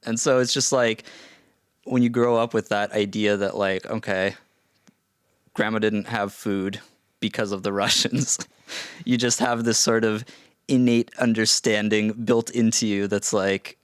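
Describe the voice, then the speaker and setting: A man co-hosting a podcast, talking in a relaxed, wry way with chuckling asides. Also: fairly low pitch, unhurried, smooth, no echo, studio quality. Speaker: podcast co-host. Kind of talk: casual conversation.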